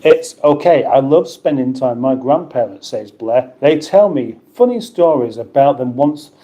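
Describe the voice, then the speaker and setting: A middle-aged man from the UK chats loosely on his own livestream. He rambles through viewers' comments with playful banter and frequent restarts, and his voice sits at an ordinary middle pitch. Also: expressive, moderate pace, warm tone. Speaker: livestream host. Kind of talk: casual live chat reading viewer comments.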